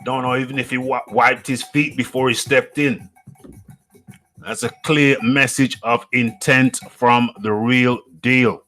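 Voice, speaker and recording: A man's voice: mid-range voice, fairly even intonation, unhurried, sharp tone, faint music behind. A man from the UK hosting a live show, reading out the chat in a playful, repetitive way and chuckling often. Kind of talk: casual live-stream chat.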